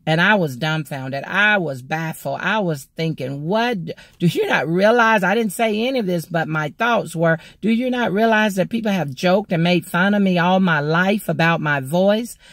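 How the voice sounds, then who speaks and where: A woman from Mississippi, a motivational speaker and ordained minister, telling a personal testimony in a slow, deliberate way. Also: fairly low pitch, no echo.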